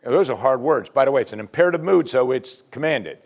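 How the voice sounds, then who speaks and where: A pastor with a creaky, mid-range voice preaches a sermon at a quick pace, teaching from scripture. He animatedly acts out his listeners' prayers in quoted voices.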